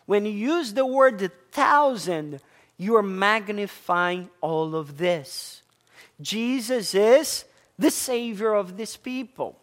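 Preacher, sermon, slow unhurried delivery, emphatic, calls out to the church. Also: medium pitch, animated, a bit bright. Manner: emphatic, repeats key words, addresses listeners as church. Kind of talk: sermon with questions to the congregation.

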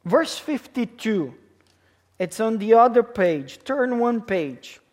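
A man's voice: sits high, very animated, slow. A pastor in his thirties preaching a sermon in English, his second language, with a foreign accent. He repeats key words for emphasis and keeps checking in with the congregation. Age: 30s.

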